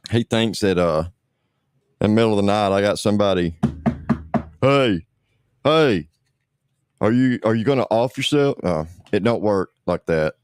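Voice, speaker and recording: A man's voice: fairly low pitch, a little mellow, clean tone, dry recording, studio quality. A man hosting a livestream, ranting bluntly with lots of swearing and repetition. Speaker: livestream host.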